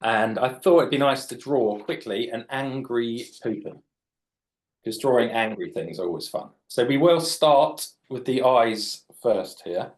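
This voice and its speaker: A man's voice: medium pitch, a little slow. A man, a children's author chatting and joking as he draws live for young readers. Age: late 40s. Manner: chatty, jokey, explains while drawing. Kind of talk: live drawing demonstration for children.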